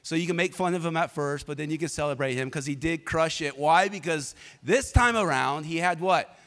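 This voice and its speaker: Pastor, male, fairly high voice, lively conversational preaching that calls on the congregation, long church reverb. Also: brisk. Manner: energetic, conversational, prompts the congregation to respond. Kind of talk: sermon with personal storytelling.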